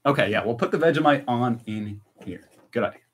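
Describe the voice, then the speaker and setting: An American man chatting casually and excitedly on a live stream while tasting snacks. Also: mid-range voice, fairly quick, slight background noise. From United States. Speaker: vlogger.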